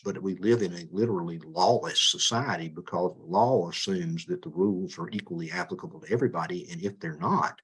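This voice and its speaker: A man, a judicial candidate, answering interview questions in a measured way, often stumbling and repeating words. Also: sits low, breathy edge.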